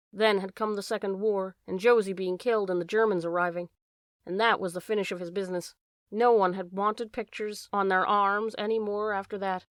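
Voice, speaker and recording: A woman narrating a short story in a measured, even reading voice. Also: medium pitch, clear, resonant tone, dry recording, studio quality. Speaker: reader.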